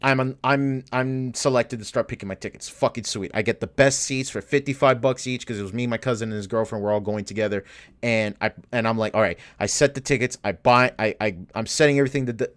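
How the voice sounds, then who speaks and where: A young man co-hosting a podcast, telling a long story in a casual, profane, animated way and getting worked up as he goes. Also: mid-range voice, fast talker. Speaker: podcast co-host.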